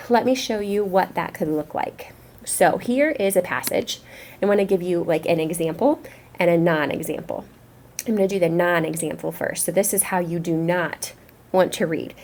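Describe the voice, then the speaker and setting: A woman teacher speaking to young students, explaining a reading lesson in a clear, encouraging classroom way. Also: fairly low pitch, a little mellow, slight background noise.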